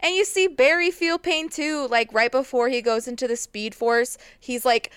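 A woman's voice: high voice, moderate pace, a bit bright, smooth, no echo. A woman chatting casually on a podcast, an enthusiastic fan who acts out quoted lines.

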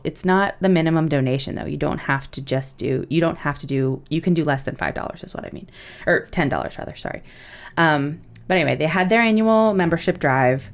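A young woman with a low-pitched voice hosts a casual podcast. She talks in a loose, chatty way, swears freely, and often laughs through her asides. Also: clean tone. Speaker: podcast co-host.

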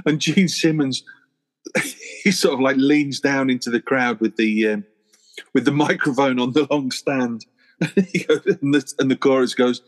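In a casual podcast chat, a male co-host laughs his way through a funny story. His voice sits on the high side and he takes his time.

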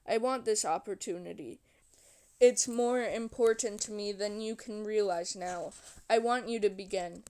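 A woman reading aloud and voicing a calm, brooding male vampire who tells his story in a measured, unhurried way. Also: mid-range voice, close to an everyday voice. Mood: reflective.

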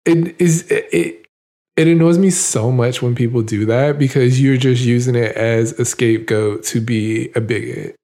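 Male co-host, mid pitch, sassy and exasperated, punchy asides. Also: normal speed, dark tone. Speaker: podcast co-host. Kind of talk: casual podcast chat.

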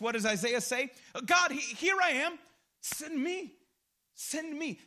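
A man's voice: extremely high pitch, fairly bright tone. A male pastor preaching a sermon in a casual, conversational way, full of slang and personal stories, acting out his own reactions.

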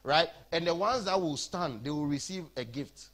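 A man with a Ghanaian accent preaching an animated sermon in a church, switching between English and Twi. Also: fairly high pitch, moderate pace.

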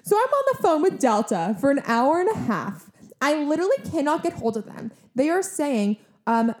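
A woman's voice: high voice, normal speed. A young woman co-hosting a podcast, telling a story in casual chat, full of "like" and acted-out quotes. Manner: animated, heavy use of "like", acts out quotes. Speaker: podcast co-host.

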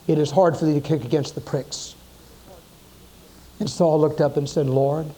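A man's voice: sits high, warm tone. A man preaching a sermon, telling Bible stories dramatically and acting out the quoted voices.

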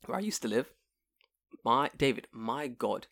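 A man chatting casually on a podcast, swearing freely and telling animated stories in which he acts out what people said. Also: mid-range voice, measured pace, gravelly. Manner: swearing, animated storytelling with put-on quotes. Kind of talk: casual chat.

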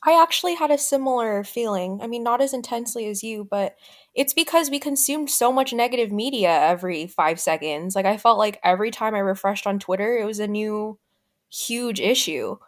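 A woman's voice: mid-range voice, brisk. A young woman co-hosting a podcast, chatting in an easygoing, supportive way. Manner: easygoing, supportive, says "like" often. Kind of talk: casual chat.

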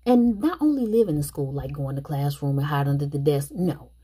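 A woman's voice: low voice, expressive, fairly quick, dark tone, breathy edge. A woman casually recapping a movie plot and chatting her opinions straight to the viewers. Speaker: movie reviewer.

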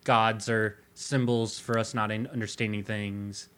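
A man's voice: on the low side, flat delivery, unhurried, fairly bright tone, clean tone. Analytical man riffing on music. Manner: analytical, heavy use of "like". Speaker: podcast co-host. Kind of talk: casual music discussion.

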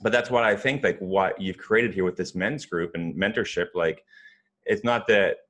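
A man's voice: low-pitched, normal speed. A man from Canada, chatting casually and telling a story, with many "like"s and "you know"s. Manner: relaxed storyteller, lots of filler words. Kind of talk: casual podcast conversation.

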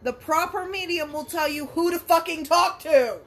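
A woman's voice: very high-pitched, normal speed, fairly bright tone. A woman co-hosting a film reaction podcast, talking bluntly and swearing freely in casual chat.

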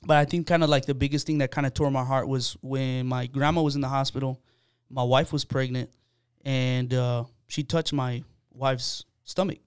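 A man with a smooth, clear voice speaks as a podcast guest, telling a personal story in an earnest, loose way with plenty of fillers. The sound is dry and close, with almost no room echo. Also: mid-range voice, steady tone, moderate pace, few pauses. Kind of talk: casual podcast chat.

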